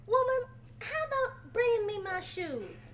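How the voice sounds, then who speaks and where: A woman's voice: very high voice, big pitch swings, unhurried, fairly bright tone, echoey room, pitched above the performer's own voice, exaggerated voice. A woman storyteller voicing the first man in a folk tale, bossy and wheedling. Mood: demanding.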